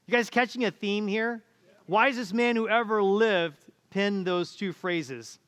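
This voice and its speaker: This middle-aged pastor has a high, fairly bright voice and speaks at a moderate pace. He delivers a conversational sermon in a church auditorium, acting out the voices he quotes, with the reverb of a church hall around him.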